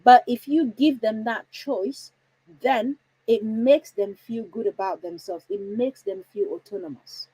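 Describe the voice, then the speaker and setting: A woman's voice: on the high side, measured pace, mellow, husky, poor audio. A woman hosting a parenting livestream from home, chatty and reassuring, often putting questions to her viewers. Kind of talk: casual livestream talk.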